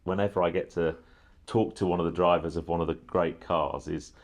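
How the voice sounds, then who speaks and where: A man interviewing a guest on stage, asking eager, halting questions with frequent restarts. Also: low voice, fairly even intonation. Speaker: interviewer, TV presenter. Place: museum lecture theatre.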